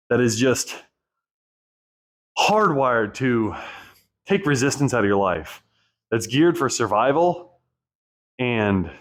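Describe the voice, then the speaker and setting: Candid, profane man musing aloud. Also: medium pitch. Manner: rambling, profane, self-reflective. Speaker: divorce coach and channel host. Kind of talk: candid personal monologue.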